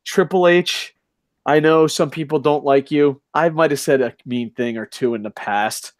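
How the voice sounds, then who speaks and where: A man co-hosting a casual podcast, ranting loudly with lots of swearing. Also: a little high, moderate pace, dry recording. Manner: loud, profane ranting. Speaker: podcast co-host.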